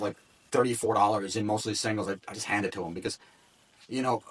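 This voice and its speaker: A man who works as a wrestling ring announcer, a guest on an interview podcast, telling stories in a casual, animated way, acting out quotes and restarting often. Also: lowish voice, slightly rough, distant mic. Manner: animated storytelling with quick restarts and acted-out quotes.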